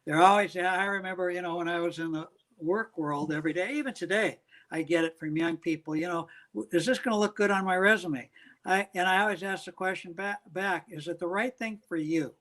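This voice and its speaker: An older man with a voice a little higher than most men's, speaking as an interview guest. He talks earnestly and with emphasis, using homely examples to make his points. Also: brisk, a bit bright, poor audio. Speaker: guest, business leader. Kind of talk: interview answers.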